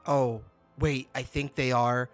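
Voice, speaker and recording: A man's voice: mid-range voice, flat delivery, slow, soft background music. A young man hosting a casual review channel, exasperated and laughing, often stammering and repeating himself. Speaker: booktuber host.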